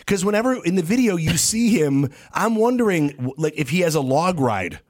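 A man co-hosting a comedy podcast, rambling through stories with jokes and quick asides. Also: on the high side, sing-song, a little mellow. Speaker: podcast co-host. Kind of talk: casual comedic chat.

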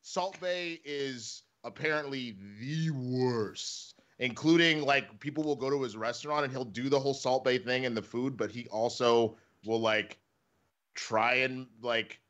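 Animated male podcast co-host. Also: medium pitch, measured pace. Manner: animated storytelling, acts out quotes. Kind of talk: casual podcast chat.

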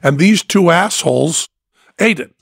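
A furious tattooed biker magician , as a man puts him on, swearing and yelling with a raised, gravelly voice. He is crude and menacing, in a dry, close recording. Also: a little high, animated, measured pace, no echo, exaggerated voice. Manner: angry, swearing, shouting.

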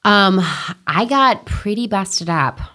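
A woman's voice: medium pitch, expressive, takes it slowly, pushed and bright. A woman from New York's suburbs, an actress answering interview questions in a chatty, candid, self-deprecating way. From Westchester, New York. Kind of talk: casual interview chat.

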